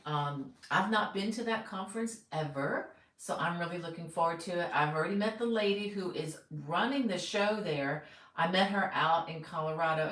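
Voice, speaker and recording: A woman's voice: sits low, fairly bright tone, roomy sound, rough recording. A middle-aged woman teaching crochet, chatting casually on a live stream and greeting viewers by name.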